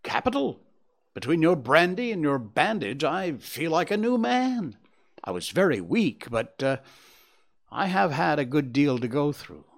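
Guy doing a wounded young engineer, kinda shaky and breathless, pitched up, swoops a lot. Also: sing-song, unhurried, exaggerated voice. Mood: weary. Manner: agitated, breathless, bursts of nervous energy.

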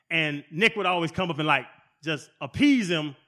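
A man in his forties, a former football player, telling profane, animated stories as a podcast guest. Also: on the high side, a little fast. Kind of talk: casual storytelling.

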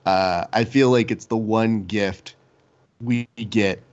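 A man's voice: fairly low pitch, steady tone, takes it slowly. Male podcast co-host, casual rambling storyteller, lo-fi audio. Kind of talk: casual chat.

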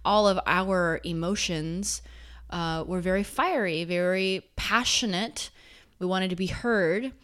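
Woman chatting to camera, kinda low voice, earnest, goes punchy then soft. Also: slow, clean tone. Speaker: self-help speaker. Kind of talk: casual talk to camera.

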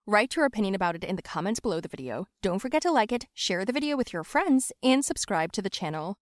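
A young woman telling a first-person story in a lively, confessional way. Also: medium pitch, fast, no room sound, clean studio sound. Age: young adult.

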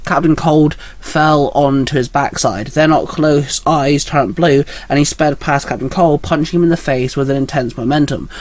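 A man narrating a fan-written action story in a plain, even reading voice. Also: fairly high pitch.

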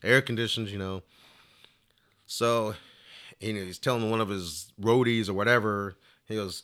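A man's voice: lowish voice, fairly quick, fairly bright tone. A man telling a long story in casual interview talk, rambling along with plenty of "you know" fillers. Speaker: flute player telling a story.

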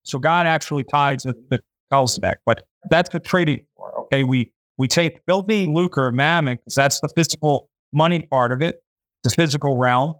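A man with a fairly high voice talks with fervent, preachy intensity, circling back over his points. The sound is close and dry, with no room around it. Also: no echo. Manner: fervent, preachy, repeats himself; voices imagined listeners. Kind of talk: impassioned faith talk.

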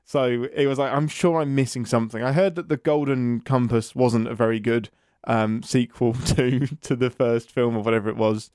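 A man's voice: medium pitch, steady tone, normal speed, darkish tone, no room sound. Chatty Englishman with a dry sound. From England. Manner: chatty, enthusiastic, laughs often. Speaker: podcast co-host and writer. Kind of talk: casual chat.

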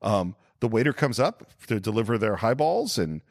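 A man's voice: lowish voice, moderate pace, creaky. A man co-hosting a podcast, casually retelling a film scene with frequent laughs. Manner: animated storyteller with frequent laughs. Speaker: podcast co-host.

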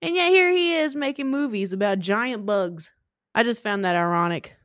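A woman's voice: medium pitch, lively intonation, normal speed, no room sound, studio quality. A woman co-hosting a casual podcast about a film, talking in a laid-back, wry way. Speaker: podcast co-host. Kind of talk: casual film recap chat.

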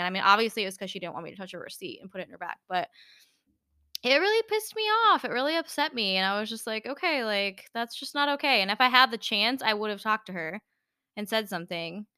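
A woman's voice: mid-range voice, sharp tone, clear, resonant tone, no echo, studio quality. A young woman co-hosting a podcast, telling a story in casual chat with lots of fillers. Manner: chatty storyteller, many fillers. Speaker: podcast co-host.

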